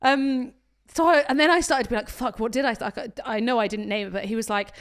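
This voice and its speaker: A woman's voice: high voice, a little fast. A young woman co-hosting a podcast, talking candidly in casual chat with plenty of swearing and laughter. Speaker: podcast co-host.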